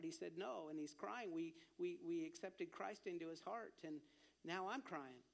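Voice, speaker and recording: A man's voice: high-pitched, fairly even intonation, moderate pace, vocal fry. A man preaching at a church, telling a personal story with earnest restarts and growing fervor. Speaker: ministry leader speaking at church.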